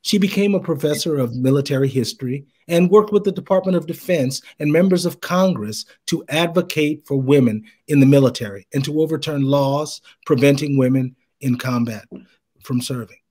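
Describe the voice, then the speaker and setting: A man's voice: a little high, normal speed, warm tone, husky. A man co-hosting a veterans talk show, reading a tribute and then chatting casually and laughing easily. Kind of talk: casual chat.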